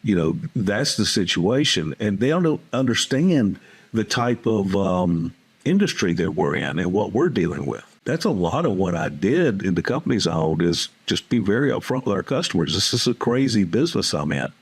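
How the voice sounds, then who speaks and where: Husky low-voiced man, plainspoken business coach. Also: sing-song, moderate pace. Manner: plainspoken, folksy, tells stories from coaching calls. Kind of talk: casual interview talk.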